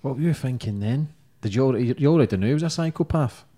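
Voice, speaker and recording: A man hosts a podcast interview. He asks blunt questions and swears freely. His voice is mid-pitched and unremarkable. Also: expressive, quick pace, warm tone. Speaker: podcast host.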